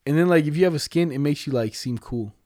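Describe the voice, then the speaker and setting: Fast-talking young man telling stories. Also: on the high side, dark tone, no room sound, studio quality. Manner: fast, profane storytelling, mimics people he quotes. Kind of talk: casual chat.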